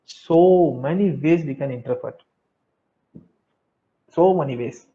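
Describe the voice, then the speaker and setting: A fairly high-voiced man leads an online training session. He talks in an animated way and says key phrases over and over. The sound is dull and lo-fi, like webinar audio. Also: slow pace. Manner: lively, reads chat answers aloud, repeats key phrases. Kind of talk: interactive online lecture.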